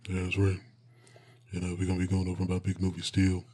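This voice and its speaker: A laid-back, boastful celebrity athlete, as a podcast co-host puts him on. The voice sits very low and barely moves in pitch, with a husky grain. It is a comedic impression in casual podcast chat. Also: male voice, completely flat delivery, quick pace, mellow.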